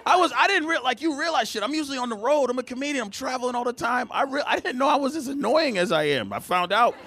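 A man in his thirties doing a stand-up comedy routine, telling profane, exasperated stories that burst into loud outbursts. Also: very high-pitched, expressive, fast talker, husky.

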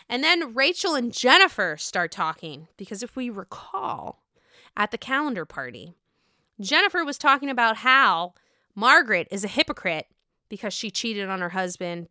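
Young woman, gossipy recap, swears a lot, crisp smooth voice, slightly high. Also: normal speed, dry recording, clean studio sound. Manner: animated, gossipy, heavy swearing. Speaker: reality TV recapper. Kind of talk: casual recap chat.

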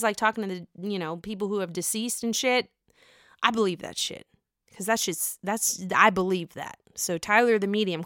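A woman's voice: a little high, dry recording, studio quality. A woman with an East Coast American accent, casually recapping reality TV as a podcast host, sarcastic and swearing freely. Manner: swearing, animated, sarcastic ranting.

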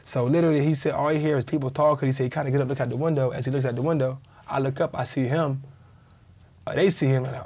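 Chatting relaxedly as a podcast guest, this ex-pro football player in his thirties rattles off a story quickly, slipping into quoted lines and voicing each character vividly. His husky voice sits at a normal middle pitch.

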